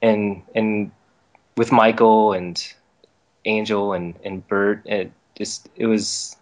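A man guest on a podcast, chatting casually and telling lively stories in which he acts out the quotes. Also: on the low side, slow. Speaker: voice actor guest. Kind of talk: casual chat. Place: based in Los Angeles.

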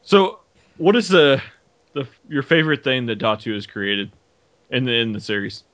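A man's voice: medium pitch, big pitch swings, normal speed, a bit bright, no echo. Male co-host, curious and easygoing, dry close sound. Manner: curious, asks easygoing questions. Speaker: podcast co-host. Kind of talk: casual interview chat.

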